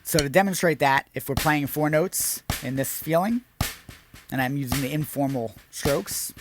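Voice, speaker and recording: A man's voice: on the high side, moderate pace, music in the background. A man hosting an online drum lesson, explaining exercises step by step in an upbeat way. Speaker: drum teacher.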